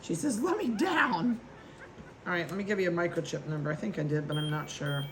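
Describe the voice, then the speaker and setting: A woman's voice: low-pitched, steady tone, very fast, background noise. A woman dog breeder chatting casually and affectionately as she handles puppies at an indoor table and talks to them.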